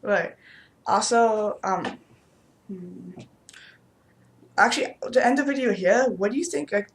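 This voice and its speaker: A man's voice: high voice, unhurried, vocal fry. A young male interviewer in a casual chat, speaking hesitantly with lots of "like" and "um". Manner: hesitant, with many filler words.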